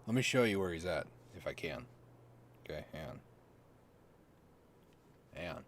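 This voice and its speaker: A young man with a sore throat, rambling quietly through late-night gameplay commentary. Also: sits low, animated, unhurried, a little hiss or hum. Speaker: gaming streamer.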